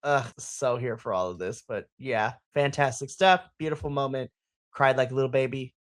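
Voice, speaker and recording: A podcast host recapping a wrestling show in casual chat, excitable and profane, acting out their own reactions. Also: medium pitch, moderate pace, no echo.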